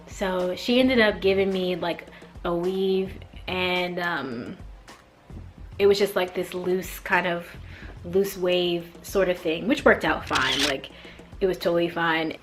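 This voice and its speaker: A young woman from the Mid-US telling a casual storytime vlog, animated and acting out quoted lines with big jumps in her voice. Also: lowish voice, slow, faint music behind. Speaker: vlogger.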